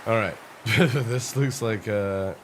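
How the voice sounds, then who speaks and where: A man's voice: fairly low pitch, slow pace, slight background noise. A man streaming live gameplay commentary, ranting, swearing a lot and laughing at the game's flaws. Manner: frustrated, swearing constantly, breaks into laughter.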